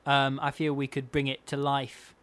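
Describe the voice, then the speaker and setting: A man's voice: mid-range voice, monotone, moderate pace, a bit bright, clear, resonant tone, no room sound. A man co-hosting a comedic radio show, joking in a whimsical, absurd way. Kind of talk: comedic casual chat.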